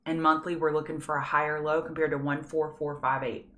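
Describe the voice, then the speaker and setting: A woman's voice: sits low, flat delivery, brisk, fairly bright tone. A woman hosting a live trading stream, chatty and self-deprecating with scattered asides. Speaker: trading show host. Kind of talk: live market analysis stream.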